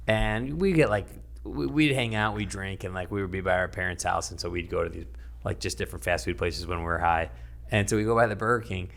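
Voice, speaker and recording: A man's voice: low-pitched, gravelly, fairly bright tone. A man, a stand-up comedian guest on a podcast, rambling through a story and laughing as he tells it. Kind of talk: casual podcast chat.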